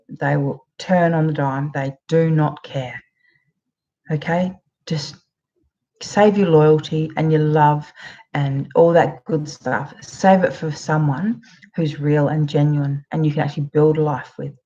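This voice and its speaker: A woman's voice: low-pitched, dark tone. A middle-aged Australian woman giving blunt, emphatic advice to camera, often checking in with "okay?" and swearing freely. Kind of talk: direct-to-camera advice talk. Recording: slightly dull lo-fi audio.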